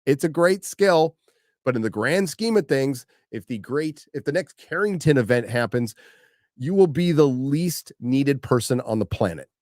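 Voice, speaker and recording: A middle-aged man hosting a livestream, working through viewer questions with blunt, profane, no-nonsense answers. He tends to say a phrase and then repeat it for emphasis. His voice sits at an ordinary pitch and is close and dry on the mic. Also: animated, moderate pace, darkish tone, no echo. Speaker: host reading viewer questions. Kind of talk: casual profane livestream chat.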